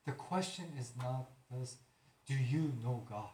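A man's voice: medium pitch, a little slow, a little mellow, a little hiss or hum. A man preaching a sermon, earnest and building to emphatic declarations. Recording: roomy echo.

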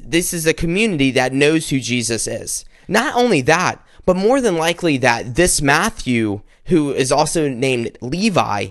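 A man's voice: mid-range voice, a bit bright, no room sound, clean studio sound. A man preaching a conversational sermon, often stumbling and repeating words as he goes.

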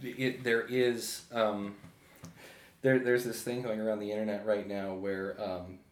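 A man chatting casually on a podcast, animated, laughing often and restarting his sentences. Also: fairly low pitch, measured pace, reverberant. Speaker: podcast co-host. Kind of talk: casual chat.

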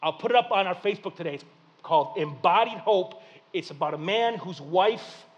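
A man delivers a sermon as a pastor, his voice sitting noticeably high for a man. He talks in plain, folksy speech, stumbling over a word now and then. He swings between big, lively preaching and soft, hushed storytelling. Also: a little fast, lo-fi sound.

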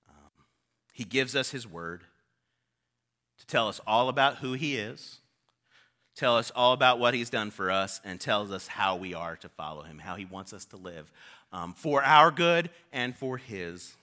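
A man's voice: fairly low pitch, expressive, unhurried, pushed and bright. A male pastor preaching a sermon in an informal, conversational storytelling way.

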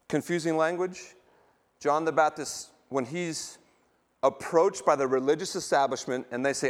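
A man's voice: mid-range voice, a little slow, pauses often. A middle-aged male pastor preaching a sermon, emphatic and quizzing the congregation with questions as he reads scripture.

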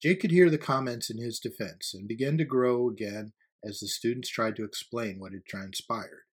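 Husky-voiced man narrating a story. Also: mid-range voice, normal speed. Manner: steady, even-paced storytelling delivery. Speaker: audiobook narrator.

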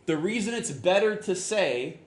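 Casting: male pastor from Florida, fairly high pitch, chatty sermon delivery that acts out little sounds and voices. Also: expressive, moderate pace. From Florida, US South. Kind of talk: conversational sermon.

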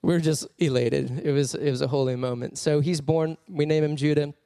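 A man preaching a sermon as a personal story, animated and laughing often as he tells it. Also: on the high side, normal speed, creaky, clear, resonant tone, no room sound.

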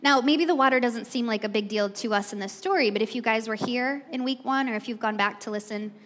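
Her voice is fairly high and fairly bright, and she speaks fairly quickly. She delivers a conversational sermon, recounting the story casually and talking right to the crowd, while the hall adds long reverb.

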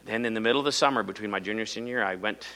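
Preaching a sermon, a middle-aged Iowa man tells a story with drama, swinging from loud emphasis to quiet, low lines. He races along, and the recording is rough.

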